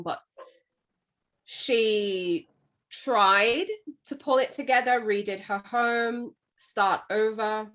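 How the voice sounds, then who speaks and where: A woman's voice: mid-range voice, steady tone, slow, fairly bright tone. Woman podcast cohost, retelling a book in casual chat, lots of "you know". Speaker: podcast co-host.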